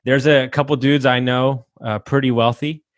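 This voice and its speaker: The real estate investor guesting on this motivational podcast has a medium-pitched voice with fairly even intonation and normal speed, recorded dry. His delivery is emphatic and fired up, loaded with swearing and coach-style preaching.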